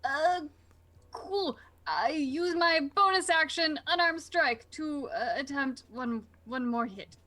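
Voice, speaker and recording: A woman's voice: sits high, slow, pushed and bright. A woman playing a tabletop game on a livestream, hesitant and self-deprecating as she calls her rolls. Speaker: player.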